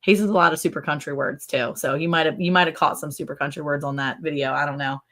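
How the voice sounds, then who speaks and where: Chatty woman with a lower voice. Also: fairly even intonation, a bit bright. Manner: chatty, lots of "like" fillers, quick to laugh. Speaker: ranch channel host. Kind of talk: casual livestream chat.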